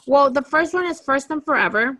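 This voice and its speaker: A woman's voice: sits high, a little fast. A woman co-hosting a podcast, chatting casually and emotionally about books that moved her. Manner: gushing, emotional, animated storytelling. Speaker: podcast co-host. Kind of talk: casual book chat.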